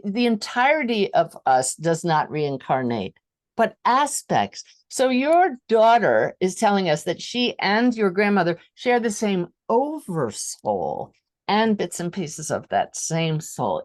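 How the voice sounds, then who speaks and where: Woman host of a spiritual podcast, eager and affirming, lowish voice. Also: darkish tone. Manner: enthusiastic, affirming listener. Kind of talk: interview conversation.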